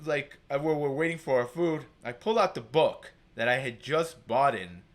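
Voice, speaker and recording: A man's voice: mid-range voice, lively intonation, normal speed. A man telling a personal story as a guest, rambling and packing his talk with filler words. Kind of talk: casual storytelling.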